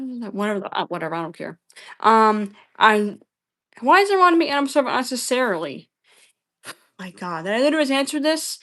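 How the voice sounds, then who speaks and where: A woman's voice: mid-range voice, fairly bright tone. A woman live-streaming a debate, answering chat questions in an exasperated, profane way and repeating herself.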